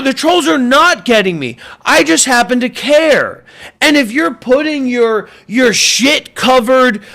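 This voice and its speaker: A man's voice: extremely high pitch, bright, forceful tone. A man hosting a livestream, ranting in an intense, profane and combative way. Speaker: livestream host, former monk. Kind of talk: livestream rant.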